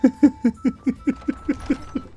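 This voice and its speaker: A man's voice: very high-pitched, flat delivery, extremely slow, dark tone, highs cut off, soft background music. A man giving playful, joking commentary as he streams a game and chats with his viewers. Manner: playful, jokey, talks to chat. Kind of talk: casual gameplay commentary.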